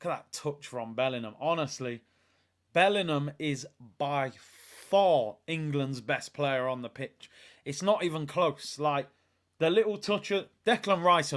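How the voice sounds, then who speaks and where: A young man hosting a live football watch-along, talking in excitable, slangy banter as he reacts to the match. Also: a little high, measured pace.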